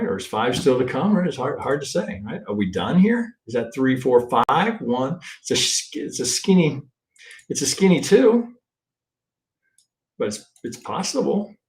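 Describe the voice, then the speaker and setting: A man teaching trading in a live-stream chart review, thinking aloud in a blunt, profane way and tagging his points with a quick "right?". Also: mid-range voice, very animated, a little mellow. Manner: thinks aloud, counts waves, restarts often. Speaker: trading instructor.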